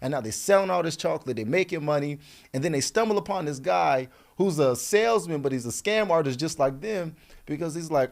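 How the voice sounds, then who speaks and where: A man telling a story to the camera, casual and playful, with quick asides to the viewer. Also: on the high side, expressive, creaky. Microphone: camera mic.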